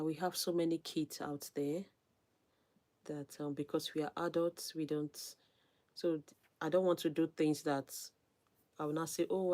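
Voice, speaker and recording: Casting: female streamer, low voice, soft near-whispered asides, live shout-outs. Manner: reads viewer names, gives shout-outs; soft, unhurried, drops to near-whisper at times. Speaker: YouTuber hosting a livestream. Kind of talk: casual livestream chat, reading comments.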